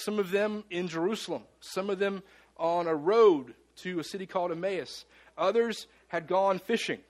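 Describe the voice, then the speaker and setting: A man preaching a sermon as the pastor of a church, earnest, with dramatic pauses and slowed words for emphasis. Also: on the high side. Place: church sanctuary.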